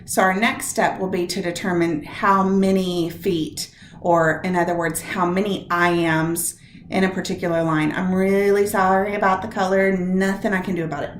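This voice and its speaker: A woman teaching a lesson on poetic meter, explaining step by step and sounding out words slowly to show where the stress falls. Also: fairly low pitch, level tone, roomy sound, slight background noise. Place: room with a whiteboard.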